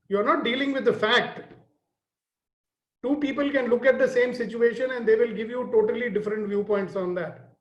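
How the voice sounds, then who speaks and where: A man with an Indian accent teaching a leadership class, earnest and often questioning his listeners. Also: extremely high pitch. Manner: earnest, questioning the audience, storytelling. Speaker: leadership trainer. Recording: roomy, dull lo-fi sound.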